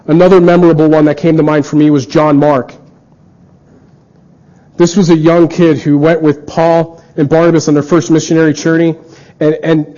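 An earnest male preacher with a fairly high, mellow voice. He delivers a sermon and acts out quoted dialogue as he goes. The recording sounds dull and lo-fi.

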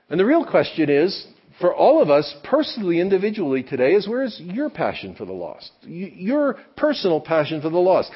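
A man's voice: fairly high pitch, big pitch swings, fairly quick, slightly rough. A man preaching a sermon as pastor, impassioned and pressing his listeners with rhetorical questions. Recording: dull lo-fi recording.

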